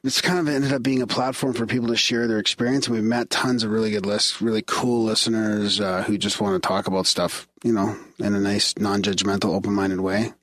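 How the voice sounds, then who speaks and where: A man's voice: lowish voice, little pitch movement, a little fast, few pauses, a bit bright, no echo. A man co-hosting a podcast, easygoing and brief in casual chat. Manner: laid-back, short easygoing replies. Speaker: podcast co-host.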